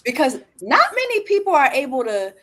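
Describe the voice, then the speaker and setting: A woman's voice: sits high, very animated, brisk, fairly bright tone. A woman hosting a podcast interview, asking curious, supportive questions. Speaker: podcast host.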